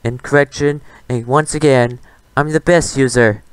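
A man's voice: medium pitch, fairly even intonation, moderate pace, smooth, no room sound. A man hosting a reaction commentary, talking back at a clip in a defiant, retorting rant. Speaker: commentary host.

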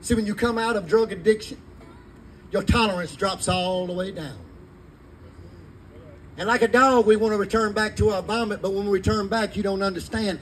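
Man, preacher, high voice, fervent delivery, faint background noise. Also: fairly even intonation, moderate pace, pauses often, low-quality recording. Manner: fervent preaching in Southern vernacular. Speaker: pastor. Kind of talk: sermon.

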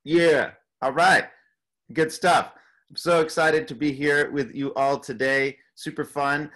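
A man leading a beatboxing workshop over a video call, upbeat and playfully imitating animal sounds in a high voice. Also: fairly even intonation, unhurried, a bit bright. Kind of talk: leading an online group session.

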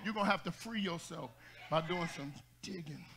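A man preaching an energetic church sermon, calling out to the congregation and rising into shouts as he jokes and exhorts. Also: on the high side, normal speed, creaky. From United States. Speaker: pastor.

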